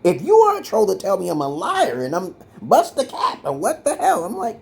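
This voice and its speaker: A man of about fifty from Brooklyn, delivering a mocking, laugh-studded rant to his viewers that swings from loud outbursts to muttered asides. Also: high voice, huge pitch swings, brisk, creaky, few pauses, slightly rough. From Brooklyn, New York. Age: around 50. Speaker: social media commentator. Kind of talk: ranting monologue to viewers.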